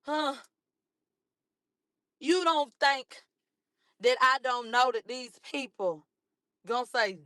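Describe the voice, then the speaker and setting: A hoarse woman from a cold, ranting combatively and profanely at critics on a livestream, repeating herself. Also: sits high, slow pace, long pauses, pushed and bright, no room sound, clean studio sound. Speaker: livestream host. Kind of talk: heated livestream rant.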